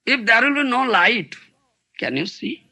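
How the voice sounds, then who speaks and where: Older man giving a slow, lively sermon. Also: very high voice. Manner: rhetorical, asks "isn't it?" and "huh?" often; acts out dialogues with raised voice. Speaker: spiritual teacher giving a lecture.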